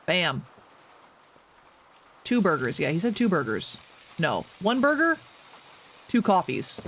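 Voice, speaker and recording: A young man streaming a video game, chatting casually with his chat while he plays, animated and self-mocking. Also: high voice, slow pace, a little hiss or hum.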